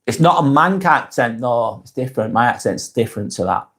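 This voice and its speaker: A man's voice: mid-range voice, lively intonation, a little fast, fairly bright tone. A man with a Lancashire accent hosting a casual live stream. He reads viewers' comments aloud and answers each one by name in a plain, direct way. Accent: Lancashire, Northwest England. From Northwest England.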